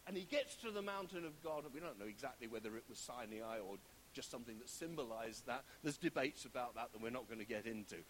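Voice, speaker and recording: A man preaching a sermon, telling a story with animated shifts and sometimes dropping to a hushed whisper. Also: medium pitch, fast, a little hiss or hum.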